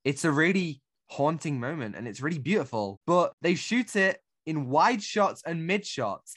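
A man's voice: fairly high pitch, very animated, normal speed, few pauses, a bit bright, no echo, clean studio sound. A man co-hosting a casual film review podcast, critiquing with exasperated, ranting energy. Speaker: podcast co-host.

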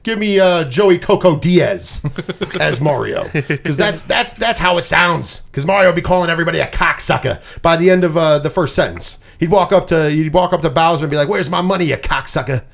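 A man hosting a casual pop-culture chat, animated and swearing freely, with lots of repeated words. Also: on the high side, a little fast, vocal fry. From US Northeast. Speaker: podcast host.

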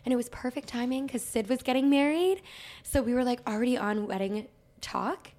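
A young woman co-hosting a podcast, gushing and excitable in casual chat, saying "like" often. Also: on the high side, brisk. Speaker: podcast co-host.

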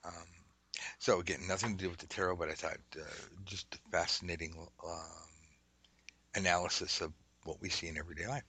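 A man's voice: low-pitched, fairly even intonation, brisk, pushed and bright, slightly rough, no room sound, poor audio. A man hosting a casual tarot lesson podcast, rambling and chatty, drifting into side stories and the odd swear word. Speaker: podcast host teaching tarot.

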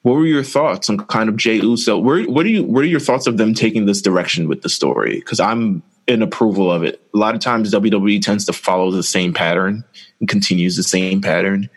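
A man's voice: on the low side, fairly quick. A man co-hosting a podcast, chatting in a loose, opinionated, rambling way. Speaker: podcast co-host. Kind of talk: casual wrestling chat.

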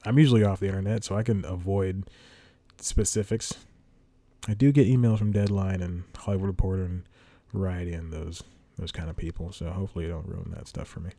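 Rambling man with a low, mellow voice. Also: steady tone, brisk, dry recording. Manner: rambling, self-correcting, chuckles often. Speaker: podcast host. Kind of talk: casual solo podcast chat.

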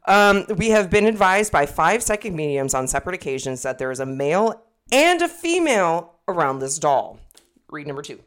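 A woman's voice: lowish voice, sing-song, moderate pace. A young woman co-hosting a podcast in casual chat, rambling and swearing freely, often restarting her sentences. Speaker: podcast co-host.

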